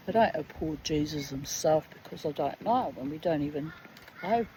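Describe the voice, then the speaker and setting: A woman's voice: low voice, warm tone, slight background noise, rough recording. A middle-aged woman, talking bluntly and indignantly in a rambling personal monologue, swearing freely. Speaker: reader and storyteller.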